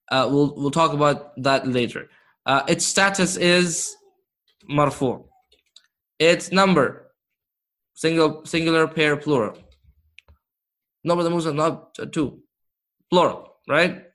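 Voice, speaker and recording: Guy from canada teaching grammar to a class, slow and encouraging, kinda higher voice. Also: fairly bright tone. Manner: slow, encouraging, quizzes the class with quick praise. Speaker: Arabic teacher. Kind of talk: interactive grammar lesson.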